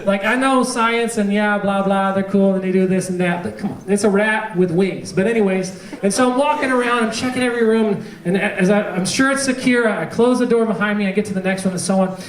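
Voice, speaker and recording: A man preaching a sermon as pastor, telling a story with humor and animated delivery. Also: high-pitched, a little fast, hardly any pauses. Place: church. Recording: echoey church hall, distant mic.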